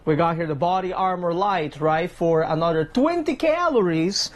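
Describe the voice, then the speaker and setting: In his home kitchen, a Philly-accented man who runs a fishing vlog hosts a casual cooking video, pausing only to eat and savor the food. His high-pitched, animated voice keeps a moderate pace with few breaks, and he's chatty, ending lines with "right?" or "okay?".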